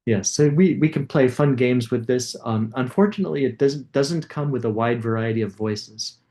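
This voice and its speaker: A man's voice: medium pitch, moderate pace, mellow. A man giving a coding lecture, casually thinking aloud and demonstrating code as he goes.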